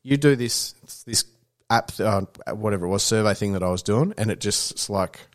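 A man in casual chat, blunt and sweary, clearing his throat now and then. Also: on the low side, normal speed.

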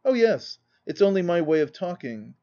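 A man reading a loud, brash young gentleman. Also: high-pitched, very animated, moderate pace, muffled recording. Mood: boastful.

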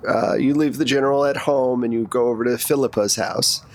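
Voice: medium pitch, fairly even intonation, a little fast, dry recording. A game master narrating a tabletop game and prompting the players with questions.

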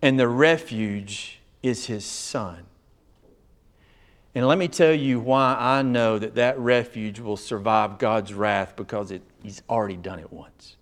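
Dramatic preacher swinging loud and hushed. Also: male voice, lowish voice, a little slow. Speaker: pastor. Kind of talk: sermon.

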